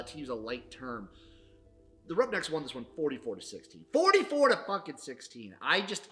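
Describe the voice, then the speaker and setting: Brief: male sports podcast host, profane mock-dramatic ranter, bright tense voice. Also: a little high. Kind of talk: casual sports recap rant.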